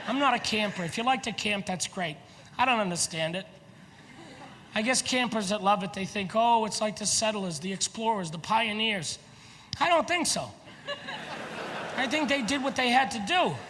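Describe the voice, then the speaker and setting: A man doing a stand-up comedy routine, animated and shouting his punchlines. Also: high voice, moderate pace, pauses often, slight background noise. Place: large theater stage before a live audience. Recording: live hall recording with loud crowd laughter. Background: audience laughter.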